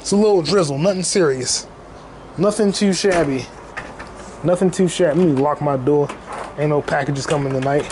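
A young man hosting a casual solo podcast, talking in an excited, profane and repetitive way, full of street slang. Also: a little high, normal speed, background noise. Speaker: podcast host.

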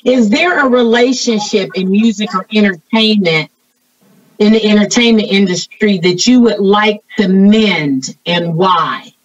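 A woman's voice: medium pitch, dry recording, distant mic. A woman hosting an interview, asking questions and reflecting in an earnest, thoughtful way. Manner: earnest and thoughtful, drawn-out remarks. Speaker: interviewer host. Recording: dry, muffled audio from off-mic.

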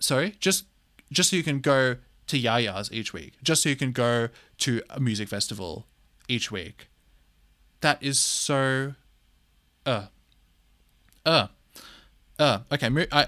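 A young man in his twenties holds forth alone on his podcast in a blunt, exasperated voice of middling pitch. He swears freely, circles back with repeated words and fillers, and sounds close to the mic in a dry, deadened space. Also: bright, forceful tone, no room sound. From Australia. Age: 20s. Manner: repeats phrases for emphasis, many fillers. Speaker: podcast host. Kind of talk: opinionated solo podcast monologue.

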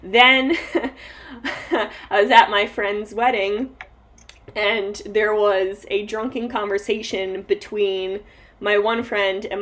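A woman co-hosting a podcast in casual chat, chatty and quick to laugh, trailing off and restarting as she talks. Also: medium pitch, fairly bright tone. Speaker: podcast co-host.

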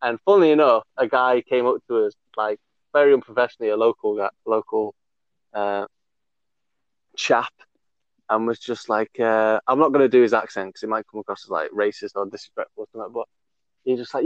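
Slightly fast and steady, his voice on the low side, a male podcast host meanders through a story, cursing, laughing often and leaning on fillers. There's no echo, and the lo-fi recording sounds dull.

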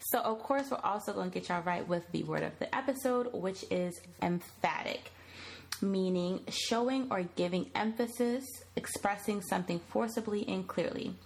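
A woman co-hosting a casual podcast, playful and quick to laugh, stretching words for emphasis. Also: medium pitch, vocal fry, slight background noise. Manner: playful, laughs often, drawn-out emphatic delivery. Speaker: podcast co-host.

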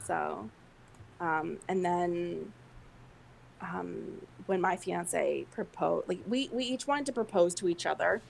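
A woman co-host chats casually, her voice low and gravelly, full of "um" and "like". A faint hiss sits under the recording. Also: slow, low-quality recording. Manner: chatty, many fillers. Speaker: podcast co-host. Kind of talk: casual chat.

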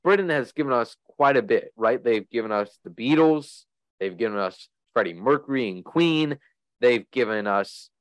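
A man's voice: medium pitch, lively intonation, moderate pace, no echo, poor audio. A young man hosting a sports podcast in a casual, rambling way, full of fillers. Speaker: podcast host.

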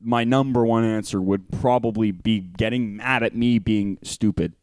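A man's voice: on the low side, moderate pace, darkish tone, slight background noise. A young man co-hosting a casual podcast, laid-back and swearing a lot, often trailing off and restarting. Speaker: podcast co-host. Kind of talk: casual chat.

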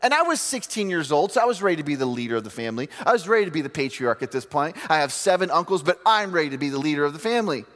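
Male preacher, humorous storyteller, lively pitch swings, long hall reverb. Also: rapid-fire, hardly any pauses. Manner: animated storytelling with humor and quoted voices. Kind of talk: sermon.

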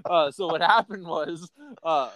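A man hosting a podcast, ranting unfiltered in a profane, rambling way that swings between loud outbursts and quiet mutters. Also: a little high, measured pace, dry recording. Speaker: podcast host. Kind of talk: unfiltered casual rant.

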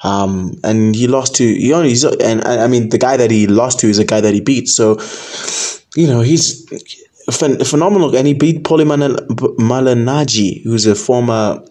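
A man's voice: mid-range voice, normal speed, mellow. A young man hosting a combat sports talk show alone, chatting casually and rambling, often tacking "man" and "right?" onto his sentences. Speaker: combat sports podcast host. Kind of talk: casual solo commentary.

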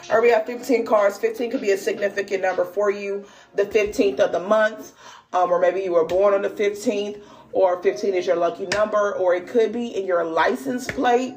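A woman's voice: medium pitch, moderate pace. A young woman hosting a spiritual podcast, telling a dream story with lots of slang and laughter, then reading cards. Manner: animated, laughing, slangy, exclaims often. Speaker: podcast host and spiritual reader. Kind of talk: casual storytelling and card reading.

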